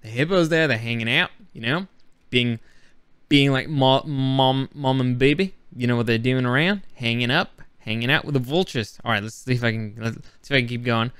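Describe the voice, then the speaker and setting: A man's voice: mid-range voice, moderate pace, fairly bright tone, smooth, no echo, close to an everyday voice. A man putting on a goofy Australian accent as a wildlife presenter, playful and rambling through his vlog. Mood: goofy excited. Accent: put-on Australian.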